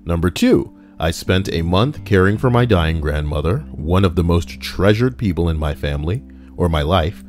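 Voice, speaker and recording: A man's voice: deep voice, animated, normal speed, a little mellow, soft background music. A man reading online posts aloud on a casual livestream, breaking off for crude, joking asides.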